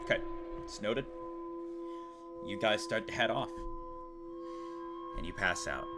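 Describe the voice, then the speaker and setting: A man running a tabletop game on a live stream, narrating scenes with animated, laughing delivery. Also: fairly low pitch, a little slow, loud music behind the voice. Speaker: game master.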